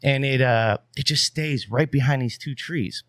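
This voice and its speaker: A man in his young adult years tells a story in loose, animated conversation, leaning on fillers as he goes. His voice sits at an ordinary middle pitch. The sound is dry and close, with no room echo. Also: normal speed. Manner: rambling, animated, many fillers. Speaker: podcast guest. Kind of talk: casual storytelling.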